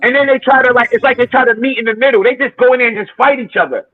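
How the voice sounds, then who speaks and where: Man, high voice, animated, swearing a lot, phone-like tinny sound, dry. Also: racing. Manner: animated storytelling, heavy swearing, acts out quotes. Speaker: streamer hosting a football watchalong. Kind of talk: casual watchalong chat.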